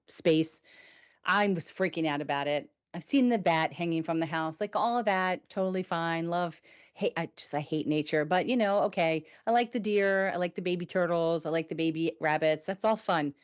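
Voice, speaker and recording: A woman's voice: deep voice, muffled recording. A woman hosting a weekly review show, chatting casually and animatedly with her co-host and viewers.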